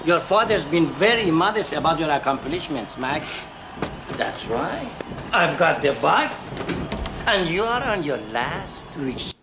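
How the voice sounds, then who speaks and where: A smug, gloating movie villain. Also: male voice, fairly high pitch, sing-song, takes it slowly, long pauses, full character voice. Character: smug adult male movie villain, menacing and sly. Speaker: film villain. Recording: movie clip with noisy background.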